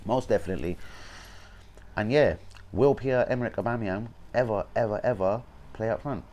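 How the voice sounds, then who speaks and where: Brief: young London man, lowish voice, fan-channel host, blunt sweary livestream rant, heavy slang. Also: moderate pace, warm tone. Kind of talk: casual football rant livestream.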